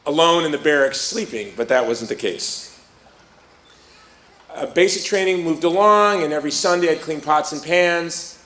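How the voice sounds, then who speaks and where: A man's voice: a little high, a little hiss or hum. Storytelling middle-aged man in a roomy hall. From Chicago. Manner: lively storyteller who acts out quoted voices. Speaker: speaker. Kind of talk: personal story told to a live audience.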